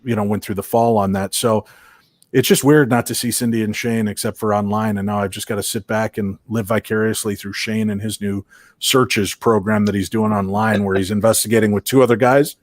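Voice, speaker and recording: A man's voice: on the low side, brisk, no room sound, studio quality. A man from Chicago with a mixed Chicago and Minnesota accent, a paranormal investigator joking and telling stories as a guest. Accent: Chicago and Minnesota blend. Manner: joking, animated storyteller. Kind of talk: casual interview chat.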